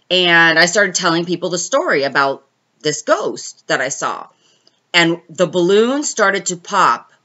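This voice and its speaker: A woman's voice: on the low side, bright, forceful tone, dull audio. A woman hosting a casual live stream, chatting with viewers and telling a personal story. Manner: chatty, answers viewer comments mid-story.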